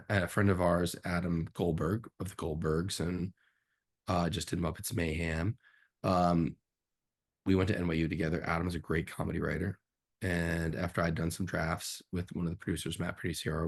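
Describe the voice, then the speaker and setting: A man, a film director as guest, telling stories from his career in a casual, animated interview. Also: low-pitched, slightly rough. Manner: animated, acts out quotes in a raised voice.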